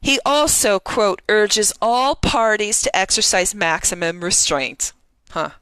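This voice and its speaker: Indignant woman with a bright, crisp voice. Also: medium pitch, slow, dry recording. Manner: indignant, heated opinion; reads out news timeline entries. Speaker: journalist. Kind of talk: live-stream news commentary.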